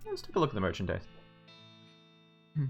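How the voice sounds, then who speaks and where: Brief: low-pitched male streamer narrating game text, soft music under. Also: huge pitch swings, a little fast, creaky, breathy edge. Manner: muses aloud, makes wry asides. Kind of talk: reading game text aloud and commenting.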